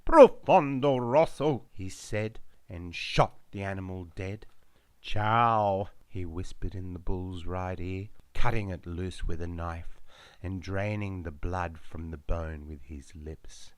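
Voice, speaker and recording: Man, author-narrator, measured dramatic delivery, low register. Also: steady tone, dry recording. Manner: slow, measured, darkly dramatic reading. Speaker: author reading his memoir. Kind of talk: audiobook narration.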